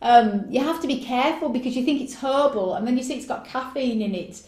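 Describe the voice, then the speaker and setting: A woman's voice: sits high, fairly quick, a little mellow. Gushing woman in her forties, echoey room. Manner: chatty, enthusiastic, gushing. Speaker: co-host. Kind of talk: casual wellness advice chat.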